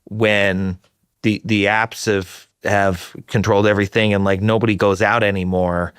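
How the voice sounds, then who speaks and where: A male professor with a fairly low voice answers interview questions about relationship science. He speaks in an animated way, heavy on "like" and self-corrections. The recording is dry and close. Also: moderate pace, smooth, no room sound. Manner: animated, filler-heavy with many likes and restarts.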